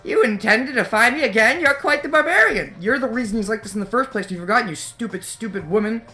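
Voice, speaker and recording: A man's voice: animated, fast talker, sharp tone, soft background music. A man voicing a gleeful, villainous male robot bear mascot while reading a video game's dialogue aloud. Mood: taunting. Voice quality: high, sneering, theatrical.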